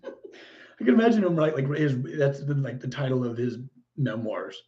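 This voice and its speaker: Male streamer, mellow voice, easygoing viewer chat, quick to exclaim, dull lo-fi sound. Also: mid-range voice, big pitch swings. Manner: chatty and easily delighted, frequent exclamations and laughs. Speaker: livestream host. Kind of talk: casual live chat reading viewer comments. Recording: muffled lo-fi stream audio.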